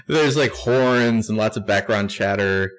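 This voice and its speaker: Low-voiced man recapping a TV scene. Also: slow pace. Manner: narrates scenes with wry asides and laughs. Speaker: podcast co-host. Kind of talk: casual TV recap chat.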